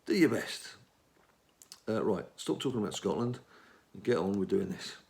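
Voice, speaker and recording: A man's voice: sits low, fairly quick, creaky, a little mellow. English guy rambling over his phone game, talks to himself a lot, chatty gamer host. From England. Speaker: gaming channel host. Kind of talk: casual mobile game commentary.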